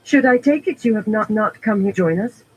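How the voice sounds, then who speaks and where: Meddling woman sitter, pushy and prying, raised in pitch by a man reader. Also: brisk, husky, highs cut off.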